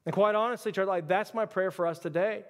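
A man's voice: high-pitched, steady tone, quick pace. A young adult man preaching a sermon as pastor, telling stories casually with lots of "like" and filler. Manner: casual storytelling with frequent "like". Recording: long reverb of a hall.

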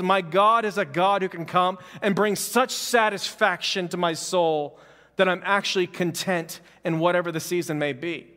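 A pastor with a fairly high voice for a man preaches in a casual, conversational style, working up fervor through repeated phrases. His tone is a bit bright, and a long reverb suggests a large church sanctuary.

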